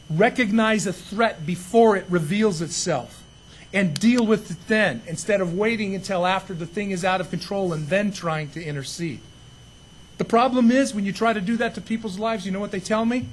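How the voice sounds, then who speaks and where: A man preaching a sermon as pastor, conversational and animated, with joking asides. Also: high-pitched, normal speed, slight background noise, low-quality recording.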